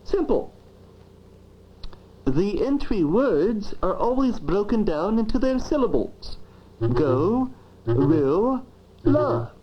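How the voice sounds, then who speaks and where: A woman's voice: mid-range voice, big pitch swings, takes it slowly, long pauses. Woman voicing a pompous talking dictionary. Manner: fussy, grandiloquent, lecturing. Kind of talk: educational film acting. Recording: dull lo-fi old film sound.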